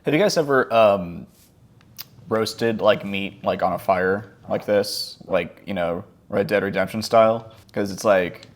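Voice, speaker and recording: A man of about thirty with a lowish, unhurried voice chats casually over his gameplay as a gaming vlogger. He rambles and pokes fun at himself, sometimes sinking into mumbles and sometimes jumping up into yelps.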